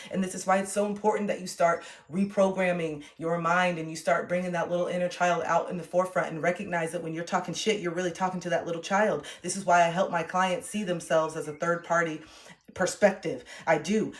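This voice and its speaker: A woman in her thirties, a relationship coach, giving blunt, emphatic motivational talk on a livestream and swearing freely. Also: on the low side. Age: 30s.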